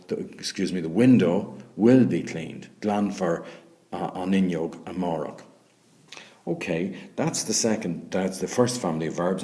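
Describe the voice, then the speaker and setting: A man's voice: deep voice, a little mellow. A man with an Irish accent teaching a recorded grammar lesson. He is patient, spells words out letter by letter and often checks in with "okay?". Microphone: voice-over on a screen recording.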